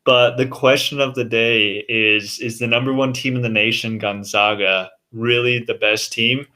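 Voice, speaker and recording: Man, bright tone, casual sports talk, posing questions. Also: mid-range voice, steady tone, moderate pace. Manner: poses discussion questions. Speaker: podcast co-host.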